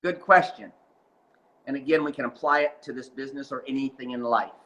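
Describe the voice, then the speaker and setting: Speaking a little fast at a medium pitch, a man recounts his life story in an interview, turning it into dramatic, emphatic motivational storytelling and getting more fired up and animated as he talks. The recording is low quality.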